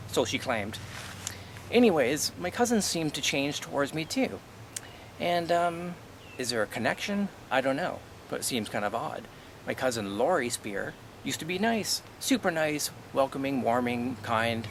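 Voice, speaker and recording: A middle-aged man vents about his family in a blunt, aggrieved monologue, swearing freely and tossing out rhetorical questions. His voice sits at an ordinary middle pitch. A faint hum of ambient noise and passing vehicles runs behind him. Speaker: vlogger. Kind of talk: personal storytelling monologue.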